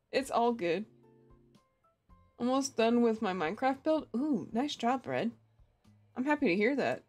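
A woman's voice: a little high, big pitch swings, unhurried, pauses often, darkish tone, soft background music. Giggly young woman streamer. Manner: giggly, chatty, laughs often. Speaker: game streamer. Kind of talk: casual live-stream chat.

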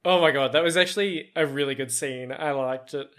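A man's voice: on the high side, brisk, background noise. A man with an Australian accent giving casual, laugh-filled movie reaction commentary, swearing freely.

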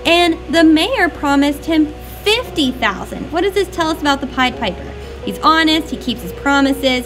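A woman teacher annotating a poem for her class in a lively, chatty way, asking questions as she goes. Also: sits high, rough recording.

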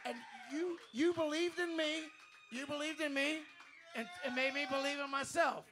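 A man, a drummer, giving an earnest, heartfelt tribute on the stage of a live music bar, with halting restarts. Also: very high-pitched, steady tone. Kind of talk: onstage tribute speech. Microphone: handheld stage mic.

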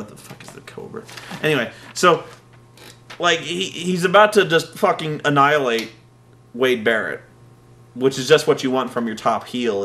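A man casually recapping a wrestling show, rambling and swearing, with quick mimicked asides. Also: a little high, pushed and bright. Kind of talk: casual profane comedic recap.

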